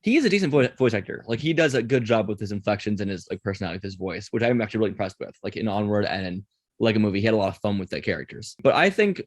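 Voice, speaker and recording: Fast-talking male podcast host. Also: fairly low pitch, lively intonation, dry recording, clean studio sound. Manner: quick, chatty, runs the segments. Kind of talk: casual chat.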